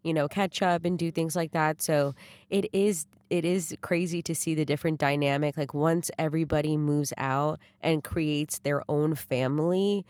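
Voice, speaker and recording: A woman with a low voice who co-hosts a casual family podcast. She keeps the talk moving with quick, teasing asides. The sound is dry, with no room echo. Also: steady tone, a little mellow. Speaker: podcast co-host, daughter.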